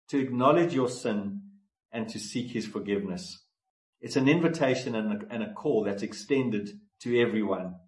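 A man preaching a sermon in an earnest, pleading way, slowing down to stress key words. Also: medium pitch. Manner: earnest, pleading, slows for emphasis. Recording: echoey room.

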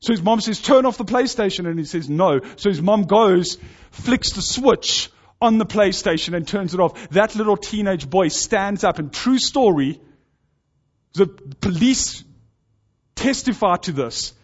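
A man's voice: high voice, animated, a little slow, slightly rough. A man preaching a sermon to his congregation, earnest and urging, pressing his points with rising intensity. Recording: dull lo-fi sound.

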